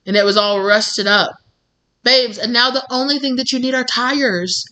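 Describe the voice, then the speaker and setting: This tarot reader talks at a normal speed in a slightly high, bright, forceful voice. Her reading is casual and directed at her viewers, full of reassurance, filler words, and affectionate calls of "babes."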